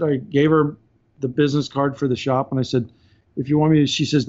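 A man's voice: medium pitch, flat delivery, brisk, darkish tone, lo-fi sound. A man, a podcast guest, telling casual stories and laughing through his anecdotes. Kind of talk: casual storytelling.

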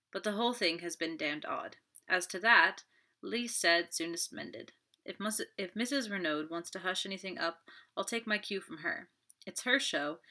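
A woman voicing a blunt, loyal male secretary with a gruff, plain-spoken manner. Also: on the low side, sharp tone. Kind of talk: audiobook character voice.

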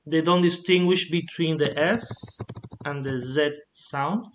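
A Spanish-accented man tutors over a video call, taking his time and giving example words. His voice sits a little higher than most men's. He sounds patient and explanatory throughout. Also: slow pace, a little hiss or hum. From Spain. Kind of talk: online one-to-one language lesson.

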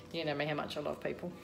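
A woman's voice: sits low, gravelly, a little hiss or hum. A woman with an Australian accent chatting casually to camera as a vlogger at home, rambling with lots of ums.

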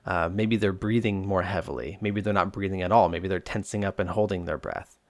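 A male psychologist hosting a self-help podcast, explaining coping steps to the listener in a relaxed, direct way. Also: low voice, brisk, no echo.

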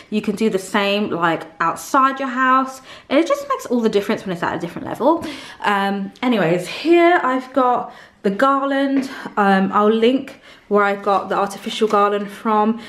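A young woman vlogging, chatting casually through a show-and-tell of her products with lots of ums and likes. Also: mid-range voice. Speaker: beauty vlogger.

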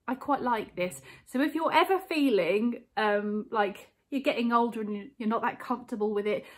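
A woman in her forties talks casually to camera from her living room, wandering off on tangents and filling gaps with "um". Her voice sits a little high for a woman. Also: fairly bright tone. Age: 40s. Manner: chatty, rambling with many fillers. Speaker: vlogger.

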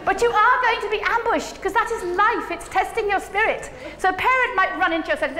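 A woman giving a conference keynote, animated and humorous, coaxing the audience to join in. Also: extremely high pitch, fairly quick, crowd noise. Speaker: keynote speaker. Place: large conference hall. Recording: echoey hall, faint ambience.

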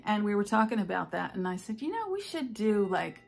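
Chatty older woman with gravelly fry. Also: medium pitch, big pitch swings, a little fast, a little hiss or hum. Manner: chatty, rambling, with many fillers. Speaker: stitching vlogger. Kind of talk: casual chat. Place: home. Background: household noises, clock and ice maker.

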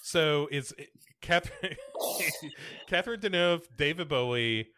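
A man's voice: on the high side, lively intonation, measured pace, bright, forceful tone. An American man co-hosting a podcast, chatting casually and rambling with many fillers and restarts. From United States. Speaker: podcast co-host. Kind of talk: casual chat.

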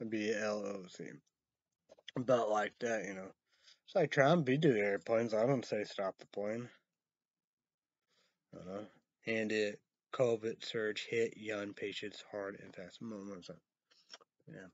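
A man vlogging in a rambling casual monologue, spelling words out letter by letter and breaking into high excited outbursts. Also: takes it slowly, long pauses, no echo. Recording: dull lo-fi sound.

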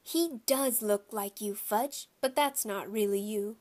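A woman voicing a gentle, amused mother with a lilting way of talking in a storybook reading. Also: mid-range voice, slow, close to an everyday voice.

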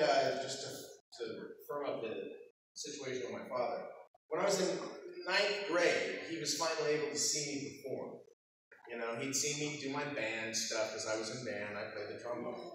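A man's voice: medium pitch, a bit bright. A middle-aged man from Texas with a General American accent, telling stories to a convention audience, laughing often and acting out quoted voices. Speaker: voice actor at a convention panel. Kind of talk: casual storytelling to an audience. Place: large convention hall. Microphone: far camera in the audience. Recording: echoey hall from far off, noisy.

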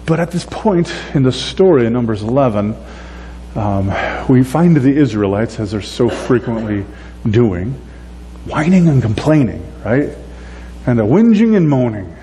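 A man's voice: mid-range voice, big-room sound. A man giving a conversational sermon as a pastor, acting out the voices of the people in his story. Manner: conversational, animated, acts out voices of complainers.

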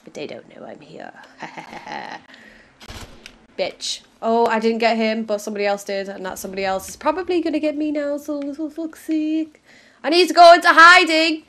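A woman's voice: high voice, normal speed, pushed and bright. A young woman swearing her way through gameplay commentary, bursting into shrieks and laughter. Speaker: gaming video host.

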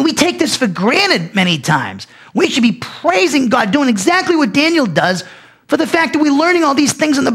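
A male pastor teaching a Bible lesson, speaking emphatically with frequent restarts and sudden loud peaks. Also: very high voice, breathy edge.

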